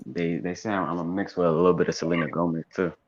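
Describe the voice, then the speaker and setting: Brash gravelly low-voiced man on a call. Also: little pitch movement, fast. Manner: brash, boastful, crude trash talk. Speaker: call-in guest on a livestream. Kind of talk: joking banter. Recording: dull lo-fi call audio.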